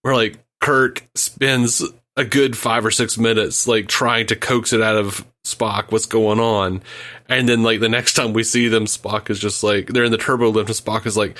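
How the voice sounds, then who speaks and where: A man co-hosting a podcast in casual chat, blunt and animated, laughing often. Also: on the low side, normal speed. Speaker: podcast co-host.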